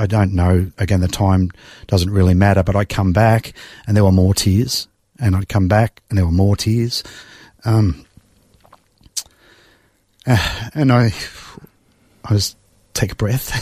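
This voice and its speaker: Man, middle-aged, emotional reflective storyteller, halting restarts, lowish voice, dry close sound. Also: a little mellow, no room sound. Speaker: guest. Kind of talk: personal testimony in conversation.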